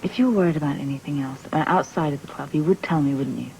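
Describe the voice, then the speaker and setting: An actress playing a wife who is a detective in a 1980s soap opera, asking insistent, probing questions. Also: female voice, deep voice, fast talker, gravelly, a little mellow, a little hiss or hum, poor audio. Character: suspicious, hurt detective wife, insists on equality.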